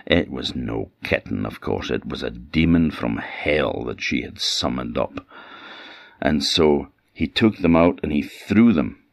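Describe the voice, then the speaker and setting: Give me a deep, gravelly Orcadian storyteller telling a folktale with lively drama. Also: male voice, measured pace, dry recording, clean studio sound. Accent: Orcadian Scots. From Orkney Islands. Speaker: traditional storyteller.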